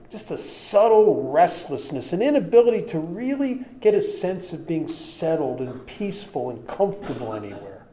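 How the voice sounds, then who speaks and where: Guy telling his recovery story, a bit high voice, plain talk, funny then quiet. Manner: plain-spoken and humorous, shifting between lively and quiet.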